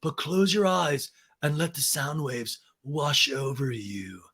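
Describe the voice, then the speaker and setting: A man doing a laid-back smooth-talking guy. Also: a little high, exaggerated voice. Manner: slow, relaxed drawl.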